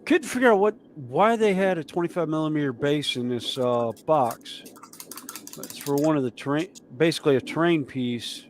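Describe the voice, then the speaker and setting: Southern US man, host of a hobby chat, fairly high voice, rambling storyteller. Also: moderate pace, a little hiss or hum. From southern United States. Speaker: stream host. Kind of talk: casual chat while building model kits.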